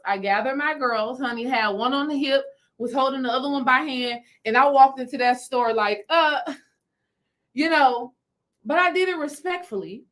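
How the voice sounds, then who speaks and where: A woman with a fairly high voice tells a story live to her viewers. She is animated and addresses them directly, often repeating a phrase for emphasis. She speaks as a spiritual healing coach. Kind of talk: livestream storytelling to chat.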